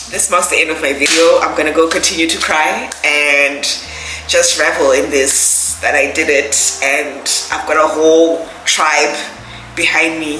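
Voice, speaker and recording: A young woman vlogger, emotional and gushing with thanks as she unboxes gifts. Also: low voice. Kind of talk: casual vlog unboxing. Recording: echoey room with noise.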